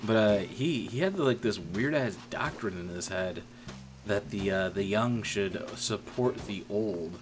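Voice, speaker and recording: A man's voice: on the low side, animated, unhurried. A young man telling a rambling, profane story about an old coworker in a casual stream chat. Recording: music playing behind.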